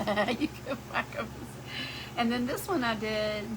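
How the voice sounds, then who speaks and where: A woman's voice: on the high side, takes it slowly. A middle-aged woman, chatting casually with her live-stream viewers as she shows her crafts. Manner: chatty, talks to viewers as y'all. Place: home craft workshop. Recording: clear background hum.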